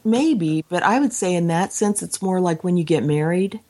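Woman, low pitch, podcast co-host, casual film talk, expressive quote reading. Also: normal speed. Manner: reads quotes aloud with expression.

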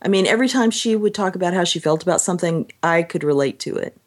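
Low-voiced woman chatting about books. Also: quick pace. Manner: thoughtful, chatty, lively rises in pitch. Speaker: book discussion co-host. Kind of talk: casual book chat.

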